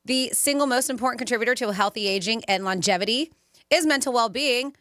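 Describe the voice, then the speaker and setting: Brief: female radio co-host, bright tone, giggly chat, dry studio. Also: fairly high pitch, quick pace, no echo. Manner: giggly, chatty. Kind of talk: casual radio banter, reading fun facts.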